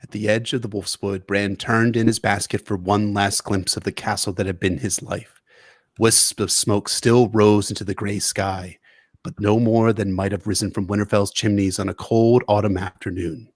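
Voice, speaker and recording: A man's voice: lowish voice, level tone, moderate pace, no echo. A man in his young adult years, co-hosting a podcast and reading a chapter synopsis with earnest, emotional delivery. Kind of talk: book synopsis reading and chat.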